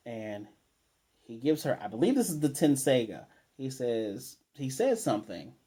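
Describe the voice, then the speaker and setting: Mellow-voiced man rambling through an anime recap. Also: medium pitch, a little slow, breathy edge. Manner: rambling recap with restarts, quoting lines in a flat voice. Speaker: anime reviewer. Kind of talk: casual episode recap.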